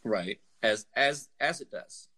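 A man's voice: mid-range voice, expressive, slow pace, sharp tone. A man co-hosting a casual chat, adding short wry remarks.

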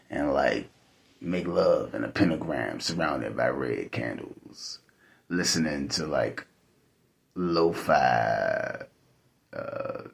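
A man's voice: low voice, gravelly. A man hosting a podcast in casual chat, joking, laughing often and swearing freely. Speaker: podcast host.

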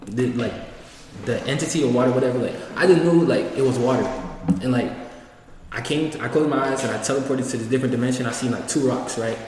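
A man's voice: mid-range voice, fast talker, darkish tone, a little hiss or hum. A young man telling a story to friends in casual chat, laid-back and full of slang. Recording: echoey room, voice from far off.

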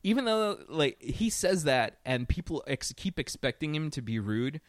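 A man's voice: on the high side, sing-song, moderate pace, no echo. Profane, rambling man in a dry booth. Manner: profane, rambling, laughs often. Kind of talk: casual film discussion.

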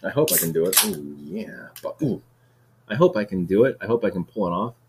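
Laid-back guy rambling on his podcast, lowish voice, lots of likes and dudes. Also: very animated, a little fast, gravelly, noisy background. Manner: rambling, heavy use of "like" and "dude"; restarts and repeats words. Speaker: podcast host. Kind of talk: casual solo monologue.

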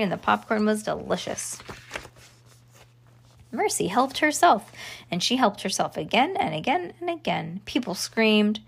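A woman reads a children's chapter book aloud in an expressive, playful way. Her pitch sits in the middle. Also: creaky. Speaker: storyteller.

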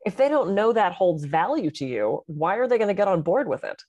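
A woman talking as a podcast co-host and speaker, animated and expressive as she tells stories in casual chat. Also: mid-range voice, fairly quick, dry recording.

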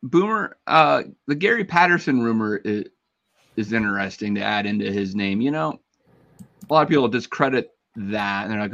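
A man's voice: lowish voice, expressive, normal speed, vocal fry, a bit bright, lo-fi sound. A man hosting a casual sports talk chat, his voice jumping up when he makes a point.

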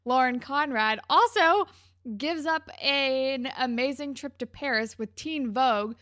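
A woman's voice: sits high, unhurried, sharp tone, no room sound, clean studio sound. A young woman co-hosting a podcast, casually and sarcastically recapping a TV episode and acting out the characters' lines. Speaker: podcast co-host recapping a TV show.

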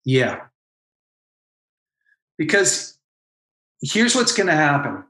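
A man's voice: fairly high pitch, very animated, drawn-out words, sharp tone, reverberant. A man and former pastor, talking as a podcast guest and telling an emotional personal story with earnest intensity. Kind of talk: candid podcast conversation.

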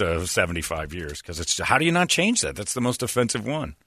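A male radio host in loose, joking banter, slightly low-pitched with a bright, forward tone. He talks with wry asides close on a dry studio mic, no room sound at all. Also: sing-song, fairly quick, no echo. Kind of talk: casual banter.

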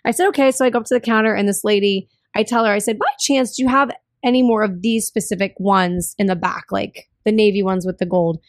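A woman's voice: medium pitch, fairly even intonation, quick pace, few pauses, no echo, studio quality. A young woman chatting casually as a podcast co-host, telling stories and acting out what other people said. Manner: chatty storyteller who acts out quoted dialogue. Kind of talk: casual chat.

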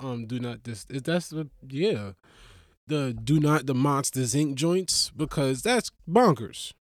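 Profane, rambling comedian man, slow and dry. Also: mid-range voice, dry recording. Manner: rambling, profane, animated storytelling with voiced asides. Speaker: comedian, podcast host. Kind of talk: casual comedic monologue.

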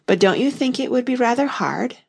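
A woman's voice: animated, a little fast, creaky, a little mellow, slightly rough, exaggerated voice. A woman voicing a polite, curious young girl in an audiobook reading, lifting her voice for the part. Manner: polite, lightly pitched up.

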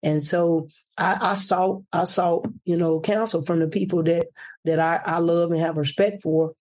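A man's voice: on the high side, unhurried. A man, a political candidate, telling a personal story and acting out what people said. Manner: animated, acts out quoted speech.

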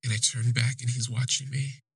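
Male podcast host recounting a personal story; raspy and level, halting and emotional. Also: medium pitch, level tone, dry recording.

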